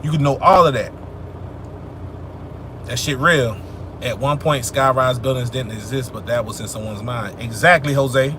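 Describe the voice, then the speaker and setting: A man's voice: medium pitch, moderate pace, pauses often, noisy background. A young man hosting a livestream, answering chat questions about spirituality in a loose, profane, streetwise manner, preaching emphatically.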